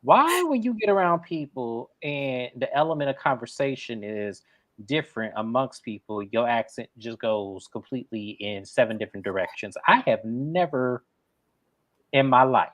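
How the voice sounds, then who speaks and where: Animated co-host firing rhetorical questions. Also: medium pitch, normal speed. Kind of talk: casual recap chat.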